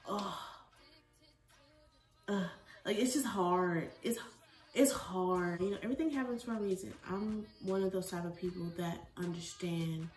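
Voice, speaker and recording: A woman in her twenties, a vlogger from the United States, talking in a rambling, expressive casual chat that swings between soft and loud. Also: mid-range voice, distant mic. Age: 20s. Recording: roomy echo, from the mic, faint music.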